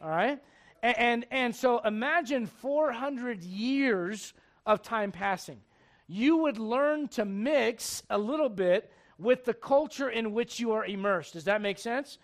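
A man preaches with lively, chatty storytelling, acting out the characters' lines and tossing questions to his congregation. His voice sits quite high for a man. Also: slow. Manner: animated storytelling, acts out characters, asks the crowd questions. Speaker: pastor. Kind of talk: sermon.

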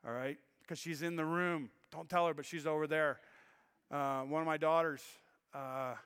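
A middle-aged male pastor gives an earnest, heartfelt sermon with a bright, clear voice, often stopping and restarting his sentences as he tells his story. The voice rings out with a long reverb, as in a large church hall. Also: a little high, fairly even intonation, moderate pace. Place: church sanctuary.

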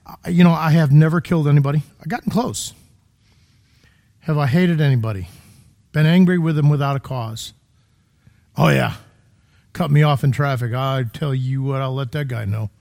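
A man's voice: a little high, normal speed, vocal fry, long pauses, darkish tone. A man preaching a sermon in a conversational, emphatic way, full of rhetorical questions, in a church.

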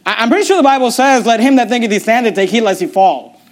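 A man with a high, light voice preaches a sermon in a church. He talks emphatically, mocks with wry asides and often stumbles and repeats words as he presses his point. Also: quick pace. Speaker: pastor.

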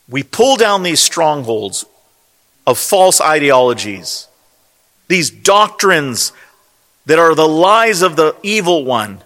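A man's voice: high-pitched, sharp tone. A man preaching a sermon at a convention, emphatic and rhetorical, leaning hard on single words. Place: convention hall. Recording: long hall reverb.

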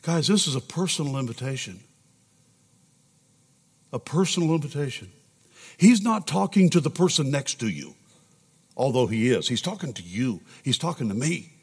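A man's voice: medium pitch, big pitch swings, normal speed, long pauses, breathy edge. A man preaching a sermon as a pastor in a church sanctuary, emotional and at times urgent. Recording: long reverb in a large sanctuary.

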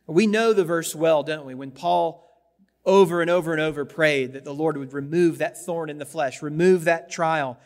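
Man, pastor, sermon, conversational, high voice, reverberant hall. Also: moderate pace, a little mellow. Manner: conversational, with repetitions and asides to the congregation.

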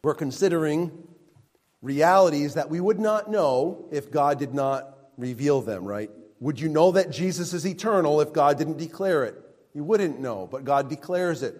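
A pastor preaching a sermon, slow and emphatic, with his voice rising and falling for emphasis. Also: fairly high pitch, a little mellow, long reverb tail.

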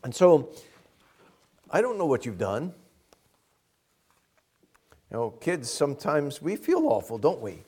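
A man's voice: fairly high pitch, sing-song, slow pace, long pauses, a little mellow, slightly rough. A man preaching a sermon as pastor, earnest and emphatic, asking the congregation direct questions.

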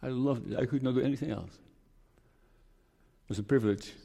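A man's voice: mid-range voice, brisk, gravelly, mellow, husky. A man, preaching a farewell sermon as a pastor, earnest and repeating phrases for emphasis. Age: 60s. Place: church sanctuary. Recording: long church reverb.

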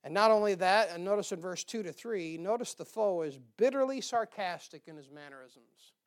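A man's voice: sits high, animated, moderate pace. A man preaching a sermon in a folksy, emphatic way, with joking asides.

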